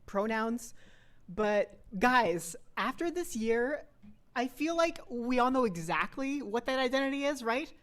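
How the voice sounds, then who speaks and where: A woman's voice: fairly high pitch, lively intonation, unhurried. A young adult woman doing a self-mocking stand-up set over a video call, often laughing through her own lines. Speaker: stand-up comedian.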